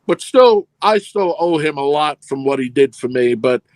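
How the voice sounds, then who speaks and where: During a casual storytelling interview, a middle-aged man who produces films tells meandering anecdotes and performs the dialogue. His medium-pitched voice is expressive and a little mellow, at normal speed, in a dry recording.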